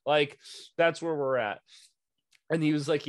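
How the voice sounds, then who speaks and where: A young man tells a story from coaching youth hockey, swearing freely and getting animated as he goes. His voice sits a bit high for a man. The sound is dry and close to the mic. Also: a little slow, no echo. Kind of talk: casual podcast storytelling.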